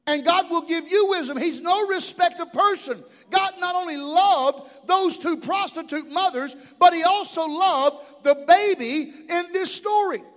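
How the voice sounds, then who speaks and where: A man's voice: extremely high pitch, a little slow, few pauses, a bit bright. A middle-aged man pastor preaching a sermon in a church, impassioned, with call-and-response asides. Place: church sanctuary. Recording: long hall reverb.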